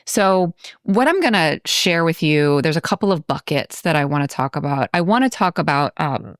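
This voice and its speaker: A woman with a low voice chats casually about a film, thinking out loud and wandering into asides. The sound is dry and close, with no room around her. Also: lively intonation, moderate pace, dry recording. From Baltimore. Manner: chatty, thinking aloud with many asides. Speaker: podcast co-host.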